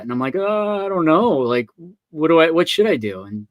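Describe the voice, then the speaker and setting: A man hosting his own live video stream, chatting loosely and telling stories with acted-out quotes. His voice sits a bit high. It is recorded close and dry, with no room sound. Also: sing-song, normal speed, hardly any pauses, a bit bright, dry recording. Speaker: author hosting a live online book signing. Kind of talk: casual video-call chat.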